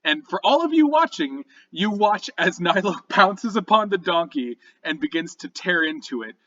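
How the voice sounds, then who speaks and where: A man runs a tabletop game as dungeon master, his bright voice rising and falling as he paints each scene with plenty of ums and likes. The sound is a little dull and lo-fi. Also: high voice, moderate pace. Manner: vivid, animated scene narration with fillers.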